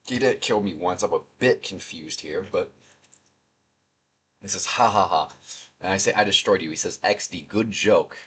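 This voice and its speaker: A man's voice: low-pitched, moderate pace, long pauses, fairly bright tone, a little hiss or hum. A young man doing casual, sarcastic gaming commentary, reading out chat messages in a rambling, mocking way. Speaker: gaming video creator.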